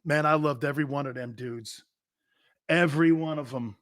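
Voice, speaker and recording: A middle-aged man hosting a sports talk show, rambling and telling stories with loud bursts and laughter. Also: a little high, normal speed, no echo, studio quality. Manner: loud, excitable, storytelling with bursts of shouting and laughter.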